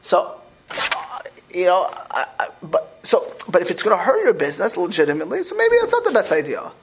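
Animated male rabbi teaching a class. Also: high-pitched, fairly quick, gravelly, low-quality recording. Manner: animated, repeats words, acts out quoted speech. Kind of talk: informal religious class with audience questions.

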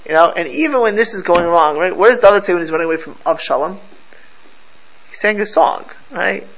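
High-voiced rabbi chatting through a lesson. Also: male voice, fairly quick, heavy background noise. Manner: chatty, asks "right?" often, mixes in Hebrew prayer phrases. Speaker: rabbi teaching a class. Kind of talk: casual Torah lecture to a live group.

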